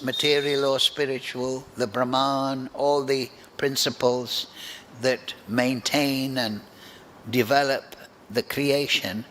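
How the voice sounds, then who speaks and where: A man giving a devotional scripture class, speaking in a slow, deliberate and reflective way. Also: mid-range voice, sharp tone. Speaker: spiritual teacher.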